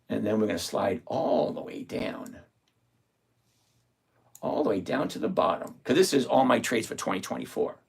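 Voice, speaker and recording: An older man hosting a live trading stream, walking viewers through his numbers in an animated, defiant, teasing way with a husky voice. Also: fairly low pitch. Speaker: trading livestream host. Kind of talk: live screen-share walkthrough.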